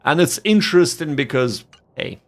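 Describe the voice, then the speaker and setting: A man's voice: fairly high pitch, expressive, moderate pace. A man streaming a game and commenting casually, thinking aloud, repeating phrases and reading game text.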